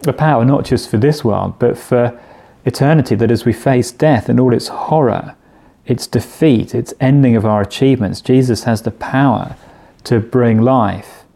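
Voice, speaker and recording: A man's voice: medium pitch, moderate pace, creaky, dark tone. A man preaching a sermon in a conversational way, asking rhetorical questions and often restarting his phrases.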